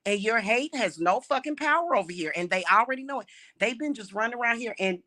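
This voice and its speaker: Woman streamer, bright and edgy voice, fiery profane rant, stumbles over repeated words. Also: a little high, animated, fast talker. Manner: profane, heated, repeats words when worked up; addresses viewers as y'all. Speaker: livestream host. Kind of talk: casual ranting livestream.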